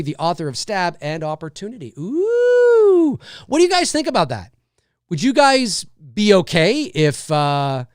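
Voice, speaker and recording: Answering viewer comments on a casual livestream, a man rambles animatedly about a film, often restarting and using fillers. His voice is a little high, clear and resonant. It is recorded in studio quality with no echo.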